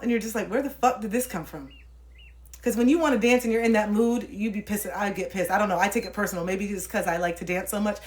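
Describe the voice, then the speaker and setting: A young woman livestreaming, ranting casually and profanely to her viewers in an animated way. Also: mid-range voice.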